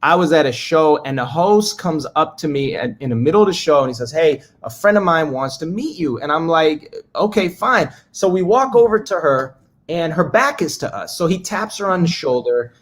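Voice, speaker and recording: A man's voice: a little high, moderate pace, rough recording. A man on a video call, a comedian guest telling stories in casual comedic chat, profane and joking, slipping into put-on voices. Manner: animated storytelling with put-on voices.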